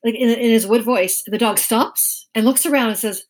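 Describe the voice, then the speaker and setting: A middle-aged woman with a soft, gentle voice, a guest chatting casually in an interview and telling stories with frequent laughs. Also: on the high side, brisk. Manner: chatty storyteller, laughs often. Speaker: guest, Chinese medicine practitioner.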